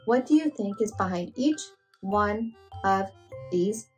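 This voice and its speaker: A woman hosting a children's show, talking gently and slowly to toddlers and singing nursery songs as she plays. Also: mid-range voice, lively intonation, soft background music. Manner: gentle, slow, sing-song, talks to the child directly.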